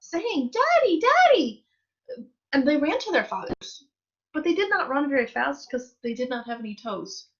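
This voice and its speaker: Expressive woman reading a story. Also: fairly high pitch, creaky. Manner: expressive, sing-song delivery. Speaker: reader. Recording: muffled live-stream audio.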